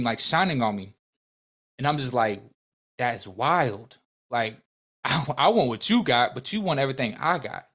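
A man's voice: mid-range voice, fairly bright tone. Earnest man telling a personal story. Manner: earnest, emotional storytelling with many restarts and quoted dialogue. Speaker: podcast guest, business owner. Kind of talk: storytelling in a podcast interview.

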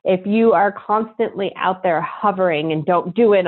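A middle-aged woman giving a chatty talk on dog behavior, now and then murmuring repeated clearing phrases quickly and low. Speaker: animal behavior consultant. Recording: tinny phone-like line.

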